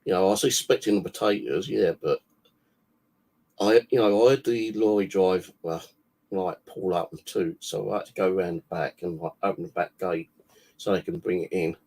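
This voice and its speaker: Gravelly low-voiced man swearing. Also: steady tone, normal speed, darkish tone. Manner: rambling, heavy swearing, many fillers. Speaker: guest sharing personal stories. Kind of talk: casual storytelling. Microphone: video call mic.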